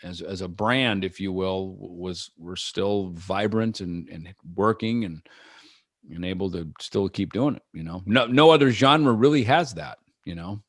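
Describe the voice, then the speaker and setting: A man's voice: deep voice, a little slow, no echo, clean studio sound. A man being interviewed over a video call, talking in a loose, rambling way with many fillers and restarts and acting out quotes. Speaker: rock musician guest. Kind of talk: casual interview chat.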